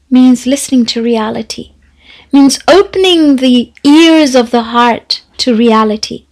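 High-voiced woman giving a religious talk. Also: darkish tone, low-quality recording.

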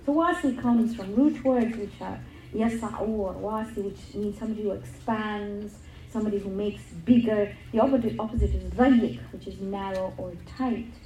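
A woman's voice: mid-range voice, moderate pace, warm tone, roomy sound, a little hiss or hum, rough recording. A middle-aged woman giving an earnest religious talk, telling stories and repeating words for emphasis. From England. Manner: earnest storytelling with emphatic repetition. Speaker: religious speaker.

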